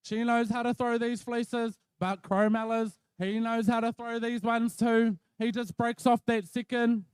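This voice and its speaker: A man's voice: extremely high pitch, unhurried, few pauses, clear, resonant tone, no echo. A man giving expert play-by-play, explaining each step of the wool handling. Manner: explains each step in a steady, even flow. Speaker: expert commentator. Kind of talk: live play-by-play commentary.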